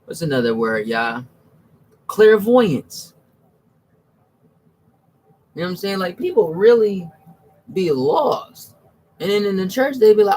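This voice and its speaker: Husky high-voiced man, slangy street talk. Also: unhurried, pauses often. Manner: slangy, repeats "you know what I'm saying", frequent restarts; animated, swings from low mutters to high exclamations. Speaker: religious commentator. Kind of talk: casual spoken monologue.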